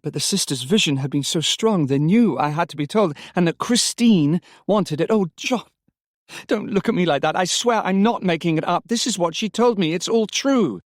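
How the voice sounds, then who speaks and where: A man's voice: a little high, lively intonation, fairly quick, dry recording, studio quality, pitched above the performer's own voice, lightly acted. A man voicing a grieving young wife who is now overjoyed and urgent, speaking breathlessly and with emphasis. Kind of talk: audiobook character reading.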